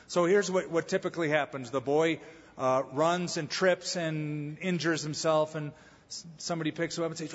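Male pastor, fairly high voice with a husky edge, storytelling sermon delivery, church reverb. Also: a little fast. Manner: storytelling preacher with humor. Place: church sanctuary. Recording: echoey hall, slightly dull sound.

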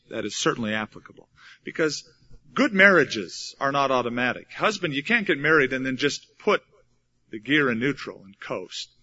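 A man preaching a sermon as pastor, swinging between loud, stressed phrases and quiet asides. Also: a little high. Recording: dull lo-fi sound.

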